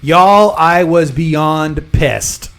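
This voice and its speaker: Guy streamer w a high voice, casual rambly storytelling, bit of music behind. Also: very slow, a bit bright. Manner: chatty, rambling storyteller who explains jargon.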